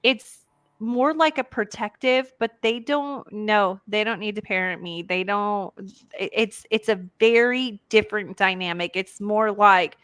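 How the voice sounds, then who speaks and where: A middle-aged woman co-hosts a casual podcast over a call, speaking through a headset. She tells animated stories and laughs often. The sound is dry and close, with no room in it. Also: mid-range voice, unhurried, clear, resonant tone, no echo. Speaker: podcast co-host. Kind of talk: casual chat. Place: home, on a call.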